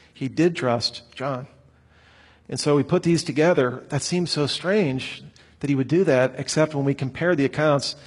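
A man teaching a Bible lesson, asking many rhetorical questions in an animated way. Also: a little high, slightly rough. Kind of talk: lecture. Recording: long hall reverb.

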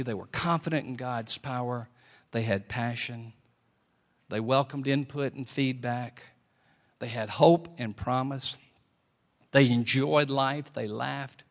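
Middle-aged guy preaching, storytelling, goes soft then loud. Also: medium pitch. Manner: storytelling, swings from quiet to loud. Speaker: pastor. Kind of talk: sermon.

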